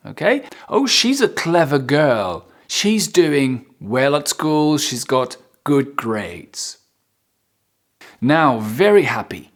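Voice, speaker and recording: A man gives an unhurried English vocabulary lesson, speaking at a measured, deliberate pace. He repeats each new word for his learners in a mid-range voice. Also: medium pitch. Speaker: English teacher.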